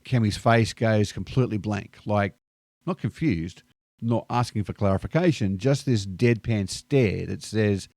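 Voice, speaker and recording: A man with an Australian accent telling stories to camera in a lively, slang-filled monologue. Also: lowish voice, a little slow, no room sound, clean studio sound. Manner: lively anecdotal delivery sprinkled with slang. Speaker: video host. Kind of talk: scripted storytelling monologue.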